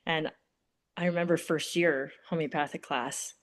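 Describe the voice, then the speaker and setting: A woman with a somewhat low voice, talking as a guest in a relaxed interview. She tells stories in an animated way, sprinkling her speech with "like" and quick asides. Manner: animated storyteller, full of "like" fillers. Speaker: naturopath guest. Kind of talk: casual interview chat.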